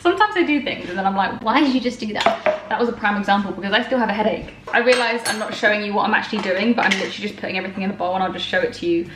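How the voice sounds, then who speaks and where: A woman's voice: medium pitch, racing, heavy background noise. A young woman chatting casually through her day, laughing often and poking fun at herself. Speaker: vlogger. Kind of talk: casual chat. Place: home kitchen. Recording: echoey kitchen with clatter.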